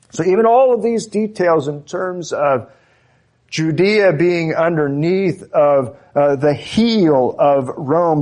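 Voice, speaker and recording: A man preaching an expository sermon, emphatic and deliberate, repeating key phrases for stress. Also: mid-range voice, darkish tone.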